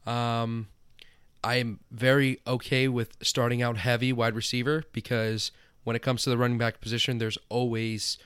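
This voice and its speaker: Give me a man chatting casually as a podcast co-host, mid-pitched and smooth. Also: little pitch movement, a bit bright, dry recording, clean studio sound. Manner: quick, chatty advice with many fillers. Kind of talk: casual fantasy football chat.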